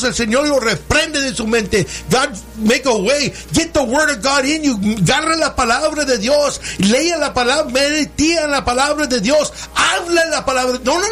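A man preaching a sermon in English and Spanish, calling his listeners brother and rising into shouted, sing-song cadences. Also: very high voice. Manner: preaching, switching between English and Spanish, calling out "hermano" and "amen". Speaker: pastor. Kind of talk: bilingual sermon.

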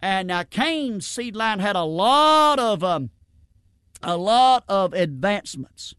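A middle-aged preacher with a notably high voice delivers a folksy sermon, restarting his sentences over and over and punctuating them with amens. The sound is dry and close, with no room echo. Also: big pitch swings, slow, a bit bright, smooth. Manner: plain-spoken folksy preaching, frequent stammered restarts and "amen".

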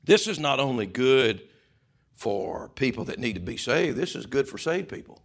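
A man preaching a sermon, swinging from loud shouting to hushed whispers. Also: mid-range voice, big pitch swings, normal speed, creaky. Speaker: pastor.

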